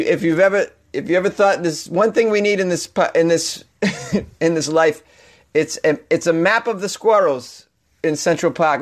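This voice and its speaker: A man with a thick Boston accent riffs sarcastically on odd news stories, his voice sitting high for a man. He laughs between lines and stumbles through restarts, sounding loose and offhand. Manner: sarcastic, laughing often, stumbling over words. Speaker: podcast host. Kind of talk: comic news commentary.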